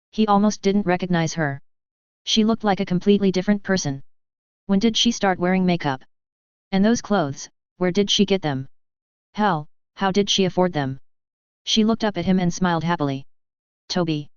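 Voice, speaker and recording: A woman narrating a science-fiction story in an even, steady reading voice. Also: fairly low pitch, normal speed, long pauses, clean tone, no room sound. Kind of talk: audiobook reading of a sci-fi story. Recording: dull, muffled recording.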